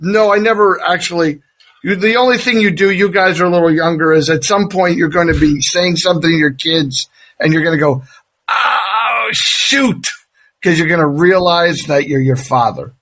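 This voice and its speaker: A man, a guest voice actor, in casual podcast chat, animated, jokey and self-mocking. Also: a little high, brisk.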